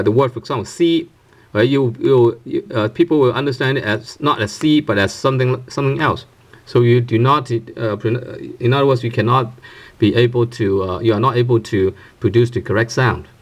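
A man explains a language lesson in an unscripted, step-by-step way, full of fillers, restarts and a frequent questioning "right?". His voice sits at an ordinary middle pitch, and he often says sample syllables aloud to show each tone. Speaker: language teacher.

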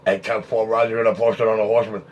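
A man's voice: fairly low pitch, flat delivery, rapid-fire, very noisy. A man on CB radio, repeating his call signs in a sing-song chant. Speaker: CB radio operator. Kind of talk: CB radio chatter. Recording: muffled CB radio audio.

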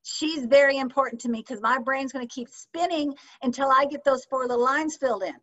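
A woman teaching a sales training session, lively and often checking in with her audience with questions. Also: high-pitched, brisk. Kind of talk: training session on a video call. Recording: slightly dull lo-fi sound.

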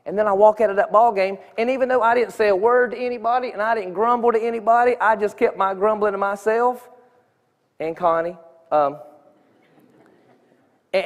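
A man giving an earnest, conversational testimony in a church sanctuary, often restarting his sentences. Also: high voice. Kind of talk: informal sermon testimony. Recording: long reverb of a church hall.

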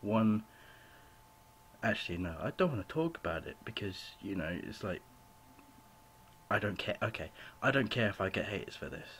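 Young man, home vlog rant, rambling and apologetic, low-ish voice, faint room hiss. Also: big pitch swings, normal speed, long pauses, a bit bright. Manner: rambling, apologetic, full of "you know" fillers. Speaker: vlogger.

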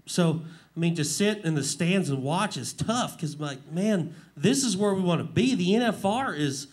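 A man's voice: high-pitched, animated, moderate pace. A man in his forties, a rodeo clown guest on a live talk show, telling rambling stories and laughing often. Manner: emotional, laughing, rambling storyteller. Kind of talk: casual talk-show storytelling. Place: live show before an audience.

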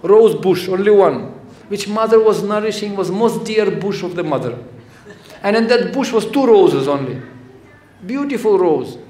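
Male devotional lecturer, high voice, conversational storyteller, echoey temple hall. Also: moderate pace. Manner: conversational, animated, acts out quotes. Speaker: spiritual lecturer. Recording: echoey hall with faint noise.

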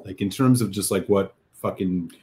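A man's voice: deep voice, moderate pace, darkish tone, slight background noise. A man hosting a casual live whisky tasting, talking enthusiastically with many fillers and restarts. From United States. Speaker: whisky reviewer host.

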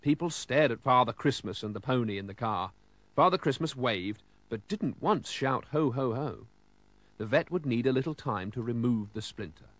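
Male storybook reader, animated pitch, dry close sound. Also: moderate pace, no echo. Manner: lively, expressive storytelling. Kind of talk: storybook read-aloud.

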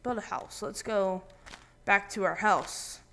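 A man hosting his own gaming channel, giving casual let's-play commentary with random, jokey, excitable banter. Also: high voice, slow, a little hiss or hum.

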